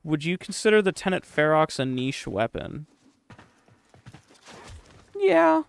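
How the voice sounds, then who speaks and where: Young man, game streamer, sarcastic and swearing, fairly high voice, smooth clear tone. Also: expressive, moderate pace. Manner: profane, sarcastic, rambling replies to chat. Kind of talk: casual live-stream chat.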